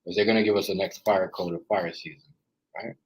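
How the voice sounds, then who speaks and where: A man's voice: low voice, steady tone, fairly quick, breathy edge, low-quality recording. A man with a Jamaican accent chatting casually on a live stream, rambling and repeating himself as he greets viewers.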